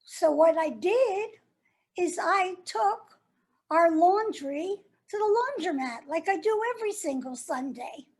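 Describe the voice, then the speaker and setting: A woman's voice: very high-pitched, lively intonation, measured pace, darkish tone, full character voice. An actress playing a jilted woman who turns bitter and sardonic as she addresses her former lover in a stage monologue. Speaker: actor performing a monologue.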